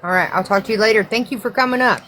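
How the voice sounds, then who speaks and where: American woman, mid-pitch, casual host, rambly and profane. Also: rapid-fire, sharp tone, slight background noise. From United States. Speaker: livestream host. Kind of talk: casual chat.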